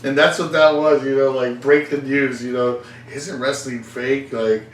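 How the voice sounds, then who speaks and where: In casual chat, a young man hosting a podcast rambles, laughs often, and acts out the voices of people in his stories, his medium-pitched voice steady in tone at a moderate pace. The echoey room is recorded from afar with faint noise.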